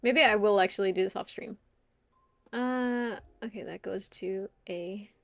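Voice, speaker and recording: A woman's voice: medium pitch, measured pace, no echo. A young woman chatting casually on a live stream, rambling and giggling, muttering to herself while she works.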